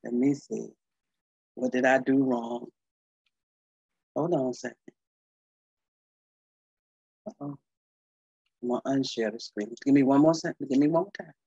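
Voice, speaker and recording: A woman presenting a historical tribute on a video call, excited and fumbling with screen sharing. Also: very deep voice, normal speed, pauses often, husky, no echo. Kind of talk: casual presentation. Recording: dry, muffled call audio.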